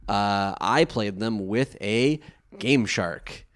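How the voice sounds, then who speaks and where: A young man with a slightly low voice talks through an episode recap in a loose, rambling way. He stops and restarts often, leaning on fillers as he looks for words. The chat is casual and unscripted. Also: takes it slowly. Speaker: podcast co-host.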